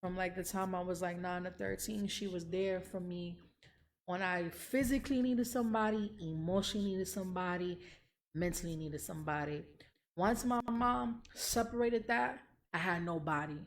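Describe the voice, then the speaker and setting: Brief: young woman host, lowish voice, blunt and profane, candid emotional chat. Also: normal speed. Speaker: podcast host.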